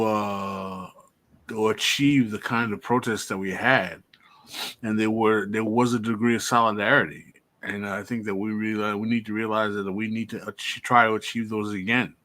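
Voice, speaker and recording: A man with a fairly low voice speaks calmly on a podcast, explaining things in a measured way. He sounds steady and thoughtful as he lays out his points. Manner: calm, explanatory. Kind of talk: casual chat.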